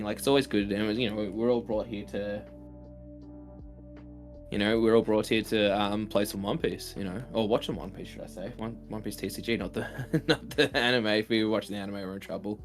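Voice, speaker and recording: A man co-hosting a card game livestream in a low, laid-back voice. He rambles casually to the viewers and often goes quieter. Soft music plays faintly in the background. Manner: relaxed, rambling, drops to quiet asides. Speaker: co-host and commentator.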